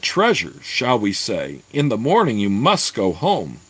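A man's voice: lowish voice, huge pitch swings, a little slow, husky, no room sound, heavily acted. A man reading aloud voices a one-eyed bard who is stern but kindly with two boys. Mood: fatherly. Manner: commanding, fatherly.

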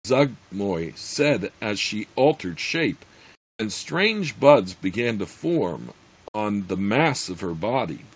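Slow husky male story reader. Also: lowish voice, rough recording. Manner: slow, lively reading with slips and fillers. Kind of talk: reading a fantasy story aloud.

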